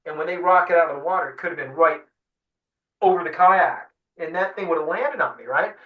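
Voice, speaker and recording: A man, a fishing guide, telling a lively story in an interview, acting out what people said. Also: fairly high pitch, brisk, narrow, tinny audio. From San Diego. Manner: animated storyteller acting out quotes. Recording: echoey room, distant mic.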